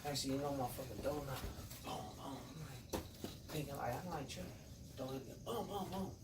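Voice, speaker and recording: A man telling a profane story to friends, acting out the quotes and swinging between loud and quiet. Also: medium pitch, fairly quick. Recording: echoey room, far from mic, noisy.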